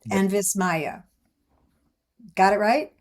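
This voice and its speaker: A woman opening an online gathering with slow, thoughtful words and a reading, pausing and restarting as she speaks over a video call. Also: medium pitch. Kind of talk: reflective reading and introduction.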